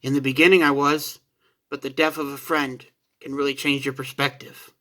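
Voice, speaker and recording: A man voicing a resolute young alien fighter and father who speaks in a quiet, earnest, subdued way. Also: mid-range voice, level tone, normal speed, lightly acted. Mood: firm.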